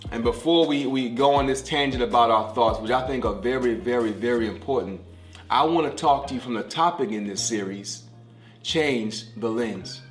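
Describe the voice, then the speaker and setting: A man's voice: mid-range voice, brisk, echoey room, soft background music. A middle-aged man giving a podcast devotional sermon, talking like a conversation and repeating key phrases for emphasis. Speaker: pastor.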